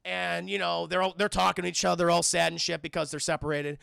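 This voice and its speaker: A man streaming a casual, profane scene-by-scene film recap, animated and talking to his live chat. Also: high-pitched, fast, vocal fry, clean tone, dry recording, studio quality.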